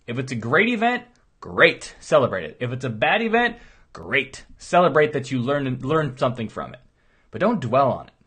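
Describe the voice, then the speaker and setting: A man's voice: medium pitch, sing-song, moderate pace, a bit bright, breathy edge. A middle-aged man, a chiropractor, giving a rambling, earnest motivational talk in a casual, storytelling way. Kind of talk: motivational monologue.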